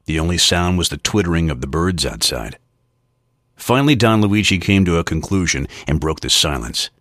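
A man narrating a novel in a steady, even storytelling manner. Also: low-pitched, moderate pace, no echo, studio quality. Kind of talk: scripted audiobook narration.

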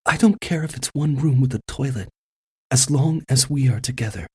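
A man voicing a devoted young woman in a story, speaking in a soft, raised voice. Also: normal speed, husky. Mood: tender. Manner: soft, raised pitch, gentle pleading.

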